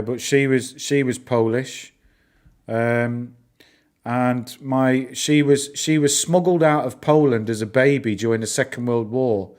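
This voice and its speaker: Northern English male host, middle-aged, mid-pitched, casual streaming chat, lots of ums. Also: a little mellow. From northern England. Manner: chatty, rambling, answers chat, lots of fillers. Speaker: livestream host.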